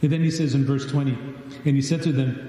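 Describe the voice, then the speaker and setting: A man's voice: mid-range voice, fairly even intonation, fast, dark tone. A man leading a Bible study, reading scripture aloud and asking questions of the group. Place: large church hall. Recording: distant echoey church livestream.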